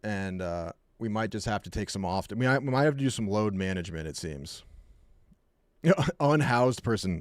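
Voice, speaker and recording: A man chatting casually on a live stream, telling rambling, jokey stories and dropping into quick put-on voices. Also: fairly low pitch, animated, clear, resonant tone, no room sound.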